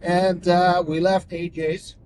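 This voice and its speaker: A man from Canada talks in a playful way, using showy, mock-grand words. His voice sits a little high, and he sounds somewhat distant from the mic with clear background noise. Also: level tone, slow, darkish tone. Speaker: passenger. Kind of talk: casual chat.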